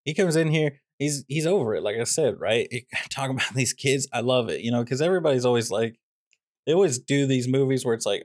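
A man co-hosts a movie podcast, talking at a middling pitch. He rambles and jokes, slipping into mock rants and silly asides. The sound is dry and close, with no room echo. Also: a little fast. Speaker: podcast co-host reviewing a movie. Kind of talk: casual comedic review chat.

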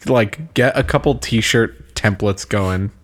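A man's voice: lowish voice, slow pace. Wry, laughing man in casual chat. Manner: wry, laughs through his lines.

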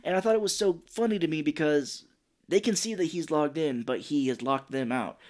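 A man's voice: a little high, normal speed, darkish tone. A man co-hosting a podcast, retelling a movie's scenes in casual chat, acting out quoted lines and swearing freely. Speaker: podcast co-host.

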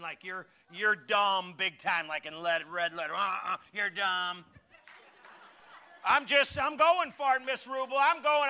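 A high, very bright and forceful male voice delivering a sermon. He tells stories with comic timing, jumping from loud exclamations down to mumbled asides. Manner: animated, jokey, swings between shouting and muttering asides. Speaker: pastor. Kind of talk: storytelling sermon.

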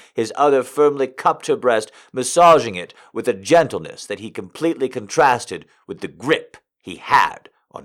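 A man narrating an audio story in an expressive, measured way. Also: mid-range voice.

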